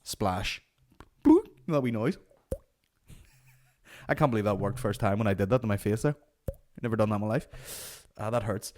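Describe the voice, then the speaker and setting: A man's voice: lowish voice, moderate pace, pauses often, a little hiss or hum. Sweary man ranting comically. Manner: sweary, animated, exasperated. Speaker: podcast host. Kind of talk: comic storytelling rant.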